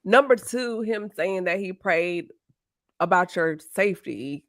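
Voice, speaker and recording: A woman's voice: fairly low pitch, expressive, slow pace, dry recording, studio quality. A woman hosting a podcast, reacting with emphasis and steering the conversation in a casual interview. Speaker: podcast host.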